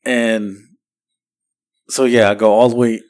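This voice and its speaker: A man's voice: on the low side, flat delivery, slow, darkish tone. A man, co-hosting a podcast and telling a rambling, profane story in casual chat. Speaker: podcast co-host.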